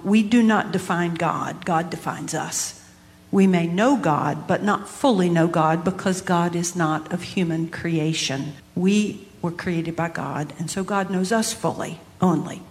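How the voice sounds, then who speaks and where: A woman pastor co-hosting a live podcast, explaining scripture in an earnest, measured way. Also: lowish voice. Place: large hall with a live audience. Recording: hall reverb.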